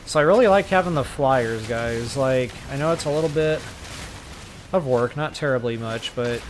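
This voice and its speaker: A man talking to his viewers in a relaxed, chatty way while he plays a game live. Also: medium pitch, moderate pace, slight background noise. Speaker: game streamer. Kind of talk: live gameplay commentary.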